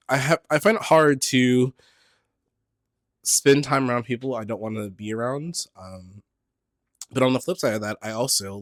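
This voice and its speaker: A man in his thirties hosting a solo podcast, chatting in an animated, scattered, sing-songy way with campy, playful asides. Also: medium pitch, no echo, clean studio sound. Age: 30s. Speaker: podcast host. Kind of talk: casual solo chat. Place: his apartment.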